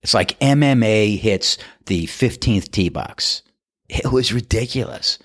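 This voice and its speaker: A man casually telling a golf anecdote, animated and laughing as he acts out the other players' lines. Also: medium pitch, takes it slowly, dry recording, clean studio sound, soft background music.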